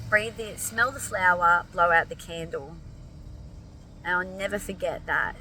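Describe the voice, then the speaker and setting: A woman, hoarse and tired, talking earnestly and emotionally to her followers and swearing casually. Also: on the low side, sharp tone, far from the mic, a little hiss or hum, low-quality recording. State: hoarse, fatigued. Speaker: vlogger addressing followers. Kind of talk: emotional direct-to-camera talk.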